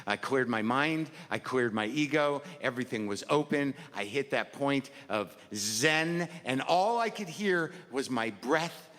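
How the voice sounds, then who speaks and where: A man's voice: mid-range voice, unhurried, hardly any pauses, a bit bright. A middle-aged man doing a rambling, self-deprecating stand-up set before a live audience. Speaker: stand-up comedian. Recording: live hall recording with reverb and crowd noise.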